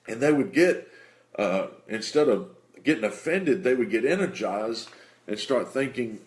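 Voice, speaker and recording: A man's voice: medium pitch, animated, measured pace. A man, a Christian minister, earnestly telling a personal faith story in a casual, conversational way.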